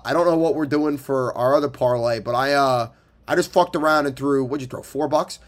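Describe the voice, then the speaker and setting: Young man, college age, casual podcast chat, animated, teasing, swears. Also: medium pitch. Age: young adult. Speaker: podcast co-host.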